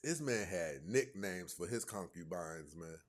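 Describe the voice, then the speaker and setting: A man hosts a reaction video in a fairly low voice that swings widely up and down. He mocks his subject and keeps laughing at his own jokes. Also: animated, a little slow. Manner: mocking, laughing, jokey asides. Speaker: commentary host. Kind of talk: reaction commentary.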